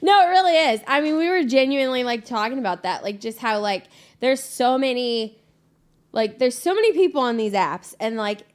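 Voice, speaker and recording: A woman's voice: fairly high pitch, expressive. A woman from Louisiana, a pop country singer, chatting as a podcast guest, talking freely with lots of "like". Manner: chatty, reacts with gasps and quick exclamations, many fillers like "like". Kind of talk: casual podcast chat.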